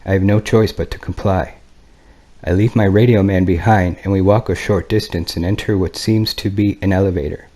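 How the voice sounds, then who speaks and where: A man reading a first-person flight log and diary in a measured, grave manner. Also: low-pitched, steady tone, warm tone. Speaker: narrator.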